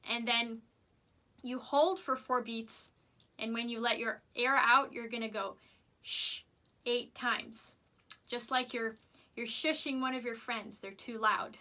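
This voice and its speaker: A woman music teacher leading children through vocal warm-ups, upbeat and patient, showing each exercise aloud. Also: on the high side.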